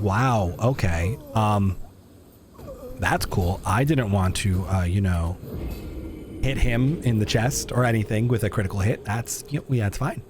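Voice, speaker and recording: A man's voice: on the low side, unhurried, background noise. A young man streaming a game live, chatting in self-mocking asides as he plays. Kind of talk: live gameplay commentary.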